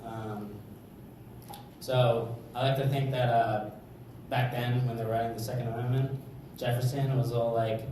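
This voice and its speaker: A man's voice: mid-range voice, little pitch movement, a little slow, mellow. A young man doing a stand-up comedy set on a club stage, rambling with lots of fillers. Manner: rambling, filler-heavy delivery. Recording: echoey club room, mic from far off, noisy.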